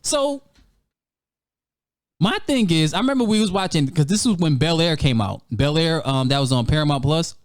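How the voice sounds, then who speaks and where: A man tells a story in a casual, profane way over gameplay. His pitch is a little high and swings widely from line to line. The sound is dry and close. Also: normal speed, no echo. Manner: animated, profane, laughing often. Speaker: gaming channel host.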